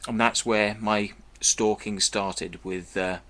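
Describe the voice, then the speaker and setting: Blunt vlogger, low bright voice, profane meandering storyteller. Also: male voice, steady tone, takes it slowly. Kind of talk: casual storytelling monologue.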